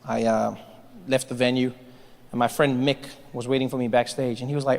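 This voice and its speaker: A man doing stand-up comedy, telling stories with animated delivery and acting out characters. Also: mid-range voice, brisk, big-room sound, slight background noise. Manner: animated storytelling, acts out characters.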